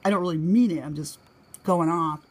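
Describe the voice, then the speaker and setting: A middle-aged vlogger from New England talks fairly quickly in a slightly rough voice, telling loose, meandering stories about her life from home. She's chatty, laughs a lot, and raises her voice to play out quoted lines.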